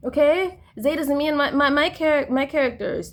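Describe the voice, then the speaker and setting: A woman vlogging in a casual, rambling monologue, repeating herself insistently and swinging between loud bursts and near whispers. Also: sits high, normal speed. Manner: frequent fillers and restarts.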